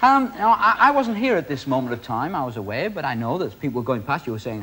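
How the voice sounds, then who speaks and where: A man's voice: medium pitch, big pitch swings, fast, pushed and bright, breathy edge. A man hosting a TV magic show, teasing his guest and addressing the studio audience in a playful way.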